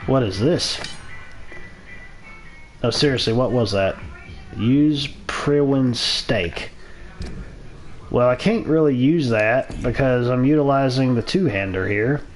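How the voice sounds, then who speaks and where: A man's voice: mid-range voice, takes it slowly, pauses often, faint music behind. Rambling young male game streamer. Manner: rambling, loose, swaps swears for silly minced oaths. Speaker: gaming streamer. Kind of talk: casual let's-play commentary.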